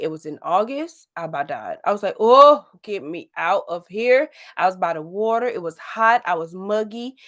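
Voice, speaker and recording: A woman in her late thirties from St. Louis, chatting casually and rambling on a livestream, laughing often. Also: medium pitch. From St. Louis, Missouri. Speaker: livestream host. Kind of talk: casual live chat.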